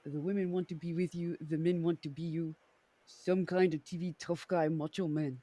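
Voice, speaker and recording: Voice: mid-range voice, little pitch movement, moderate pace, dark tone, no room sound, natural voice. A woman voicing a menacing male officer with a fake German-Russian accent in a comic read-aloud. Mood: gloating.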